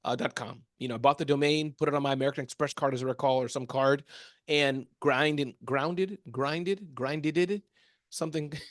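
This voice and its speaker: A man talking as a guest in a casual interview, animated and acting out little quotes as he tells stories. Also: fairly high pitch, moderate pace, dry recording. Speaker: guest, small business speaker.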